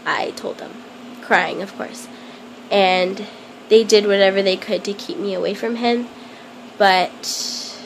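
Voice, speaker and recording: A young woman telling a personal story to camera in a hesitant, halting way, full of ums. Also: mid-range voice, vocal fry, a little hiss or hum, low-quality recording. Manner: plain confessional telling. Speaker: vlogger.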